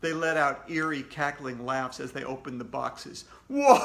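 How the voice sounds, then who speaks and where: A man, a children's author, reading his book aloud to kids with slow, expressive storytelling. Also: medium pitch, gravelly.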